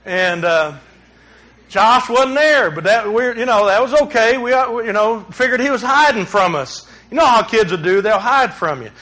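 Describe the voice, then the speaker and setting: A man preaches through a personal story. His voice sits high and sounds bright and ringing. He tells the story with animation and acts out the shouting and dialogue. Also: expressive, moderate pace. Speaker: pastor. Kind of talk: sermon with personal stories.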